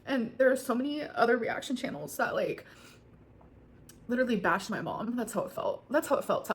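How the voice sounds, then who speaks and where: Rambling, quick-talking woman vlogger. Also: a little high, very animated, a little hiss or hum. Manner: rambling, many fillers, emotional. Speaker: vlogger answering viewer questions. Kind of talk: casual Q&A vlog.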